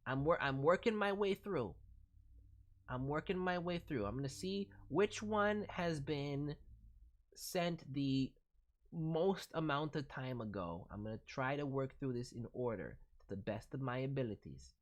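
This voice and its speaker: A man chats slowly on a live stream, playful and rambling, his voice rising and falling a lot as he goes. He slips into quirky, broken grammar on purpose. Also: mid-range voice, lively intonation. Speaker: voice director streamer. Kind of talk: live stream chat, voicing viewers' characters.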